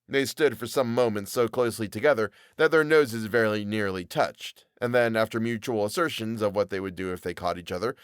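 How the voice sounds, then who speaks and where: A man narrating an old serial story aloud in a measured, dramatic way. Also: lowish voice, clean tone, dry recording, studio quality. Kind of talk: reading a Victorian serial aloud.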